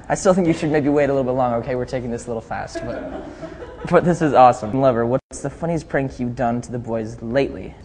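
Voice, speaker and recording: A man's voice: mid-range voice, quick pace, darkish tone. A young man, a pop singer, chatting easily in a casual live video chat. He reads out fan questions and laughs often as he answers them. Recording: faint noise, long reverb.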